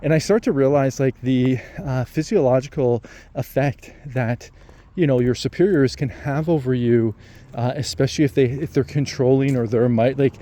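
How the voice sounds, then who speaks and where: A man vlogging, telling a personal story in a reflective, hesitant way with many pauses and restarts. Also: mid-range voice, warm tone.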